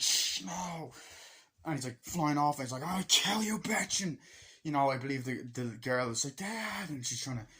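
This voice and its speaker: A man casually reviewing a film, swearing freely and acting out scenes in quick voices as he rambles through the plot. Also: mid-range voice, slightly rough. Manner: excited, rambling retelling. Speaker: movie reviewer.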